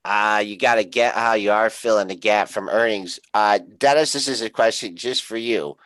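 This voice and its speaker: A man's voice: on the low side, normal speed, fairly bright tone, no room sound. A man co-hosting a trading talk show who speaks briefly and casually, then gives market levels. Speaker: co-host.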